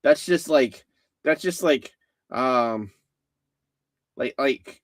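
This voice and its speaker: A man's voice: medium pitch, animated, extremely slow, long pauses, no echo, studio quality. A man hosting a casual live-stream chat, rambling with many fillers and restarts. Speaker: host.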